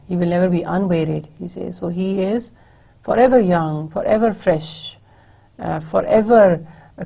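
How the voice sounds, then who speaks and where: A woman lecturing on a poem, reading lines aloud and explaining them slowly, often repeating and rephrasing herself. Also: on the low side, vocal fry, warm tone, husky. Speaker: university lecturer. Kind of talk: poetry lecture.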